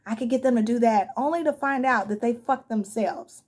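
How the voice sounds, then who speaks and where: Blunt, husky-voiced woman reading tarot. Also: fairly high pitch, normal speed, a little mellow. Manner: blunt, profane, chatty, often laughing. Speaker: tarot reader. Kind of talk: casual tarot reading monologue.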